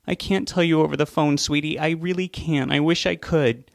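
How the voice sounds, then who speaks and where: A man's voice: a little high, fairly even intonation, moderate pace, vocal fry, dry recording, clean studio sound, pitched above the performer's own voice. A man voicing a grieving, pleading middle-aged mother who speaks tearfully and insistently.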